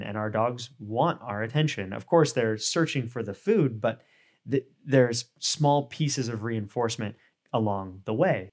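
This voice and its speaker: A man explaining dog training in a relaxed, conversational way, often adding "you know" and "right?" as he works through everyday examples. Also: medium pitch. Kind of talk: casual instructional talk.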